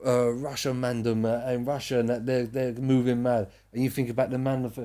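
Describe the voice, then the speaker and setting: A man's voice: mid-range voice, level tone, a little fast, dark tone. Blunt London man in casual chat. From London, England. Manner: blunt, slangy and talkative. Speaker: podcast guest.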